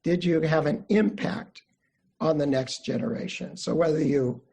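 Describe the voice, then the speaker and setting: Speaking at normal speed, an older man from the U.S. Midwest teaches a Jewish studies class online with a slightly husky voice pitched a bit high. His lecture is built on warm, friendly family storytelling, and he brings the quoted voices to life.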